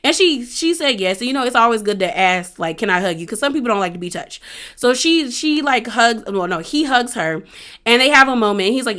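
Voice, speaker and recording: A woman's voice: on the high side, brisk. A young woman casually recapping a reality show in a chatty, slangy way, acting out the cast's lines as she goes. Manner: chatty, slangy, animated retelling with acted-out quotes.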